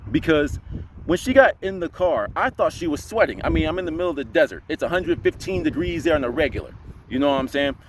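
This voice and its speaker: A young man tells a story in a casual vlog, talking quickly and piling on fillers as he goes. His voice sits a bit high for a man, with faint noise behind it. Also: expressive. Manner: rambling, heavy on fillers like "you know". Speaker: spiritual vlogger.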